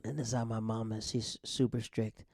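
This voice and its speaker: A man's voice: lowish voice, level tone, normal speed, a little mellow, no room sound, clean studio sound. A man, a stand-up comedian, telling family stories in a casual monologue, often laughing as he talks. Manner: laughs often while telling, acts out family members' voices. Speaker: stand-up comedian, podcast host.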